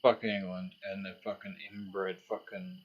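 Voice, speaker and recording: A man talks bluntly and swears freely in casual podcast banter. His voice sits a little low, and he speaks plainly. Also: level tone, unhurried, breathy edge, lo-fi sound. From Australia.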